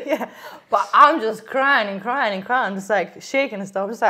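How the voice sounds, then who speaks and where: A woman's voice: a little high, moderate pace, slightly rough. A young woman with a London accent, co-hosting a podcast and telling a work story with lots of laughter. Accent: London English. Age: young adult. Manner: animated storytelling, laughs often, acts out quotes. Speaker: podcast co-host, aesthetic therapist. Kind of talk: casual chat, anecdote.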